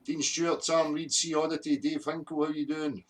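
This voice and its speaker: On this live stream, the Scottish host greets people in the chat between blunt, furious rants packed with swearing. His pitch is fairly high and barely moves, and his speed is normal.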